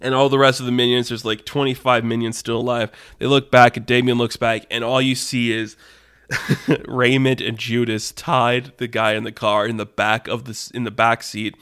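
A man's voice: medium pitch, level tone, moderate pace, fairly bright tone, clean tone. A man hosting a podcast, telling an improvised story casually, rambling and restarting as he goes. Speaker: podcast host.

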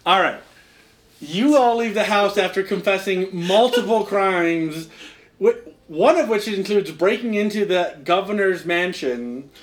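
Young guy GMing, slightly high voice, rambly, lots of likes and ums. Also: a little slow. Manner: rambling, filler-heavy, laughs often. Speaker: game master. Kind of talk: narrating a tabletop game.

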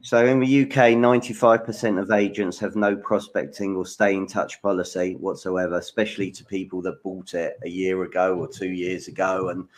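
A man from the United Kingdom hosting a live interview show, asking brisk questions and thanking his guest. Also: low voice, flat delivery, poor audio. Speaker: host.

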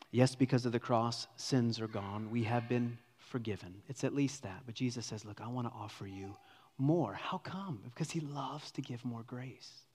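A male pastor delivers a sermon with dramatic swings, rising to strong emphasis and dropping to soft, hushed near-whispers. His mid-pitched voice carries a long reverb tail, as if recorded in a big church hall. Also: slightly rough.

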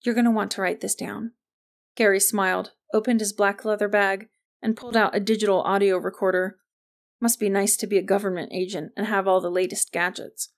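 A woman narrating an audiobook chapter in an even storytelling manner. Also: mid-range voice, a little fast.

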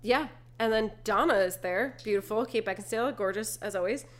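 A young woman co-hosting a podcast, casually retelling movie scenes with lively, laughing asides. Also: mid-range voice, brisk. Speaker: podcast co-host. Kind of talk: casual movie recap chat.

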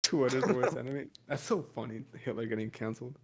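A man's voice: lively intonation, fast, darkish tone, husky. A man co-hosting a podcast in crude, casual banter, laughing often and joking loosely. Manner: laughs often, loose and joking, slips into silly high voices. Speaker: podcast co-host.

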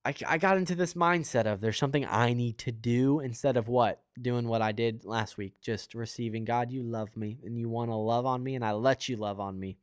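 Smooth-voiced man preaching casually. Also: medium pitch, brisk, hardly any pauses, dry recording, studio quality. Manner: earnest, conversational, rambling with fillers. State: has the hiccups. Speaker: podcast host and preacher. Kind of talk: casual spontaneous Christian teaching.

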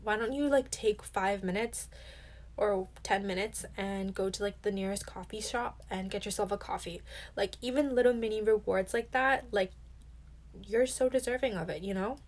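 A young adult woman hosts a self-help podcast, speaking candidly and casually at a moderate pace in a medium-pitched voice. She's chatty, packs her speech with "like," and swears now and then.

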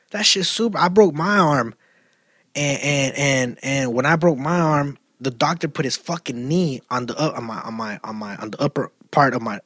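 Husky man telling a slangy story. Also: mid-range voice, dry recording, studio quality. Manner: profane slangy storytelling, grows loud and animated. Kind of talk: casual chat.

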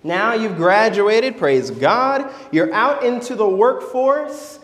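A man's voice: sits high, lively intonation, slow pace, a bit bright. A man preaching a sermon, telling a story and acting out its voices. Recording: echoey church hall.

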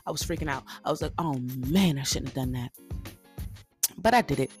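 A young woman hosting her own podcast, telling a casual, animated story and talking straight to her listeners as guys and y'all. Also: deep voice, a little fast, shouting, faint music behind. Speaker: podcast host.

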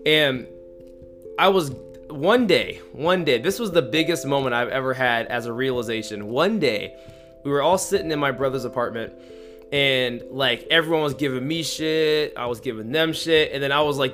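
A young man hosting a podcast, telling a story in casual chat, animated and slangy, acting out the lines he quotes. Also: fairly high pitch, moderate pace, soft background music. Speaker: podcast host.

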